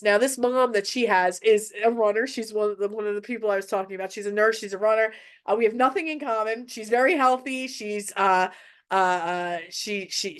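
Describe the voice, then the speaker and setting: A woman with a slightly high voice tells a personal story about raising her child. She talks casually and candidly and often goes back to restart a phrase. Her tone is open and conversational, like she is talking to other parents. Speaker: mother sharing parenting advice.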